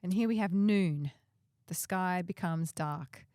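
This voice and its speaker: Woman, Bible discussion co-host, reads passage, asks questions, low voice, dry room. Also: slow, mellow, no room sound. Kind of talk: casual Bible study chat.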